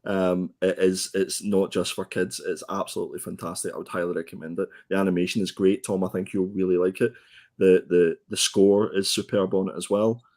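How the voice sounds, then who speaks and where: Man, co-host, casual chat, lowish voice, stumbles and repeats words, video call. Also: level tone, a little fast, darkish tone. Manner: hesitant, repeats words, laughs easily. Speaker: podcast co-host.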